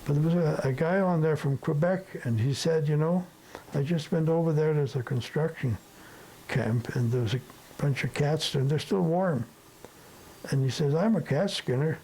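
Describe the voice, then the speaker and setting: Old guy from the sudetenland spinning a long story, gravelly voice, soft faint hiss behind. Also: fairly high pitch, low-quality recording. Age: older. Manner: rambling, peppered with tag questions. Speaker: interviewee. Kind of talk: storytelling reminiscence.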